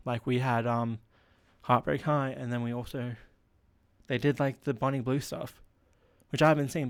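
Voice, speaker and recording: A man's voice: mid-range voice, a little mellow. A young man hosting a solo podcast, rambling casually with lots of filler words while he feels unwell. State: unwell with a headache. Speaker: podcast host.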